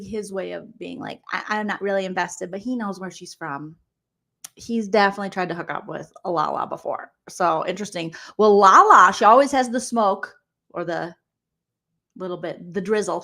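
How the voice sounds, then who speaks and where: A woman comedian giving sassy, sarcastic reaction commentary, often laughing as she talks. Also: mid-range voice. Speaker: comedian vlogger reacting to reality TV.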